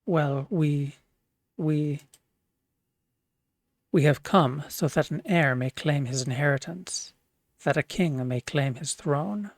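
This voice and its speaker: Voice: mid-range voice, slow pace, pauses often, no room sound, clean studio sound. A streamer voicing an old, commanding wizard while reading game dialogue aloud, grave and stately. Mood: calm.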